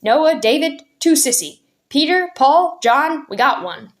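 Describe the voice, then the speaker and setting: A man's voice: very high-pitched, lively intonation, unhurried, fairly bright tone, voice pushed up, exaggerated voice. A woman reading the part of a busy father of a big family, clipped and impatient, sometimes teasing.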